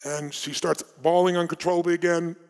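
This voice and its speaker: A man giving a live motivational seminar, telling stories with emphatic delivery that swings between loud and hushed. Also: a little high, little pitch movement, a little fast, clean tone. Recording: long hall reverb.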